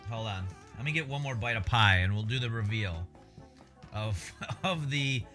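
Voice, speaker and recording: A man with a lowish voice chats loosely to his stream audience, eating between sentences. He swears freely and keeps a relaxed, rambling manner. Faint music plays underneath. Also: normal speed. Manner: laid-back, swears often, talks while eating. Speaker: livestreamer. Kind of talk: casual livestream chat.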